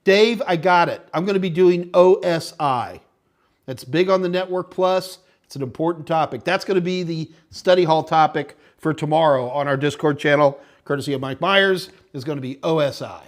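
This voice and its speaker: Guy running a live tech q&a stream, rambly and chatty, kinda higher voice for a man. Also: normal speed. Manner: rambling, reads viewer chat aloud, thinks out loud. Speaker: tech instructor and show host. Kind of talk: live-stream Q&A, casual chat.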